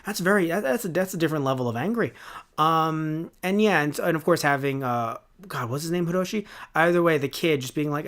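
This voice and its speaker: A man's voice: fairly high pitch, animated, fairly quick, fairly bright tone. Rambling sarcastic young man reviewing a show. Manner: rambling and sarcastic, with many fillers and self-corrections. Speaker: podcast host. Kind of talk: casual review commentary.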